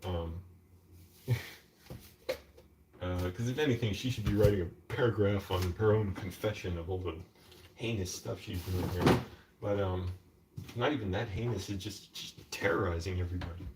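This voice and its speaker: A man's voice: sits low, moderate pace, pauses often. A man ranting at home in a live stream, telling a long story with many fillers and restarts. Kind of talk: casual rambling rant. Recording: distant mic with faint background noise.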